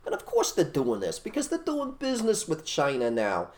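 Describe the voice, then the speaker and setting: A man co-hosting an opinionated casual chat, blunt and animated, repeating his phrases for emphasis. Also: a little high, normal speed. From United States. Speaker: co-host.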